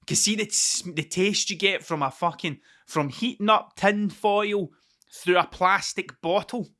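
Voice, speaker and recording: Scottish podcast host, thirties, high forceful voice, sweary rambling solo storyteller. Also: male voice, a little slow. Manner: rambling, heavy swearing, repeats himself. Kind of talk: casual solo storytelling monologue.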